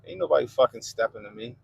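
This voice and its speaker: This man, a livestream host from Baltimore, Maryland, speaks with a Baltimore accent, bantering in a relaxed, profane way as he goes through comments. His mid-range voice is gravelly and husky, and the recording is rough.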